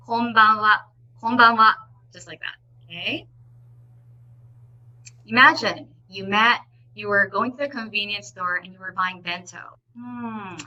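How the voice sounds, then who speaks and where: A woman teaching a live online language lesson, saying each word slowly and repeating it clearly, with frequent encouraging "okay"s. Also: medium pitch, bright, forceful tone, poor audio. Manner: instructive and encouraging, often says "okay".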